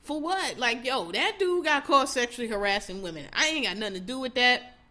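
A woman's voice: a little high, expressive, fairly quick, bright, forceful tone. A woman hosting a casual commentary show, ranting bluntly with heavy swearing and exasperated mockery. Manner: mocks others in put-on voices.

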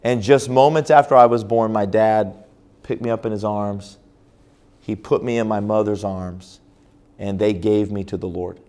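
A man's voice: lowish voice, steady tone, normal speed, a little mellow. Storytelling male pastor preaching. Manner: storytelling with frequent restarts and fillers. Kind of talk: sermon testimony. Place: church conference hall.

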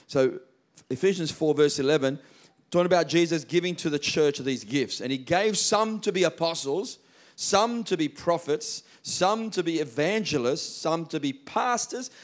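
A man preaching a sermon, slowing down and stressing key words. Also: on the high side. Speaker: pastor.

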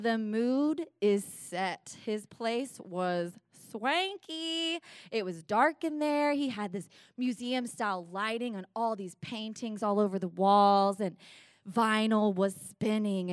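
A young woman telling a bawdy comic story, animated and full of voiced asides. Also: mid-range voice, unhurried, no room sound, clean studio sound. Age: young adult.

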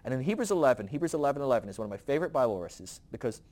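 A man's voice: medium pitch, very animated, very fast, darkish tone. A man hosting a podcast who teaches from the Bible in a casual storytelling way, laughing often.

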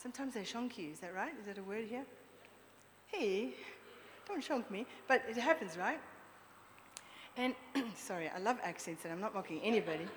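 A woman preacher delivers her sermon in a church hall, her voice trailing off into a long reverb. She talks in a lively, conversational way, often turning to the congregation with questions. A faint hiss sits under the recording. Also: mid-range voice, normal speed, long pauses. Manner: lively, chatty, draws the audience in with questions.

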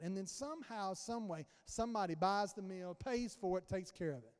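A man preaching with a strikingly high voice, talking to his congregation like friends and acting out everyday conversations. His words ring out with a long reverb through a church sanctuary. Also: lively intonation, fairly quick. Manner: conversational preaching, acts out dialogue. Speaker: pastor. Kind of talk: sermon.

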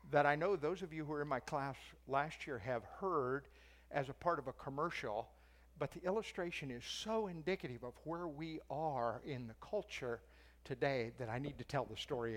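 A man's voice: on the high side, normal speed. An older man preaching and teaching, telling a story in a conversational way and raising his voice for the quoted lines. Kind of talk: sermon.

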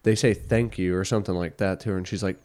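A young man with a low voice chatting on a podcast. He tells stories in a loose, rambling way and laughs a lot as he goes. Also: fairly even intonation, quick pace, darkish tone. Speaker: podcast co-host. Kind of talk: casual chat.

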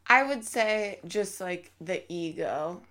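Slow, bright-voiced woman podcast guest. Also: on the low side, expressive. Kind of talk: casual podcast chat. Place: podcast studio.

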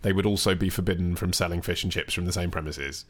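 Low-voiced wry man. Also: steady tone, fast talker. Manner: explanatory, wry, reads listener questions aloud. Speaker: podcast co-host. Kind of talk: casual chat.

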